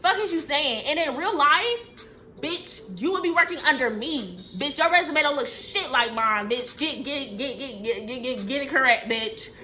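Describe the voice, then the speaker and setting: A young woman telling a casual storytime, profane, emphatic and animated. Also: sits high, moderate pace, faint music behind.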